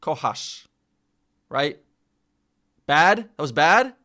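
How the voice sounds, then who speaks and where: A man's voice: medium pitch, expressive, a little slow, pushed and bright. A man vlogging as he practises pronunciation, repeating words over and over and mocking his own attempts. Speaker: vlogger learning a language. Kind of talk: casual vlog practice session.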